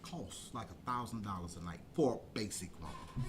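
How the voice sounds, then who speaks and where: A man telling a long story in a casual chat, animated and profane, jumping from loud bursts to hushed asides. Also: lowish voice, normal speed, slight background noise. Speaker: podcast guest telling a story.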